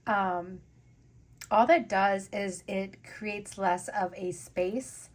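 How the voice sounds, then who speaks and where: A woman hosting a casual jewelry-making vlog, gushing and excitable, chatting to viewers as she unboxes beads. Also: mid-range voice, extremely slow. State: teary and sniffly after sneezing. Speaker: jewelry-making channel host.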